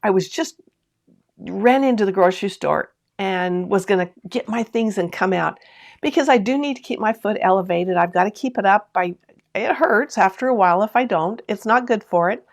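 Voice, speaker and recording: A woman's voice: mid-range voice, normal speed. A woman hosting a sewing live stream from home, chatting to viewers, reading out their comments and laughing often as she tells a story. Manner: talks straight to viewers with lots of asides and questions. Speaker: sewing channel host.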